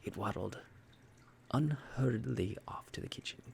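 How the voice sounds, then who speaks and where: A man reading a story aloud in soft, whispered ASMR bedtime narration. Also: medium pitch, normal speed, creaky.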